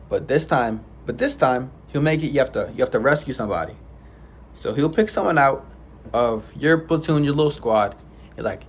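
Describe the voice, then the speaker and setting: A young man casually recounting his own experience in a vlog, rambling with restarts and sound effects like "boom". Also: expressive, moderate pace, long pauses, a little hiss or hum. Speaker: vlogger. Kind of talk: casual storytelling.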